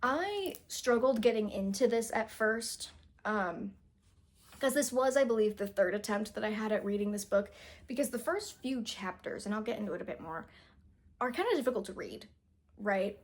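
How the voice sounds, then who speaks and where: A chatty young woman with a fairly high voice reviews a book to camera. She rambles through fillers and restarts, and she trips over words when she reads passages aloud. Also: animated, moderate pace. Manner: chatty, self-deprecating, frequent fillers and restarts. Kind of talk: casual book review chat.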